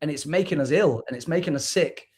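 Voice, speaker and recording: A British spoken word artist from the UK joins a livestream as a guest over video call, talking candidly in an earnest, reflective way and often restarting his words. He speaks quickly in a fairly high voice, with a crowd audible in the background.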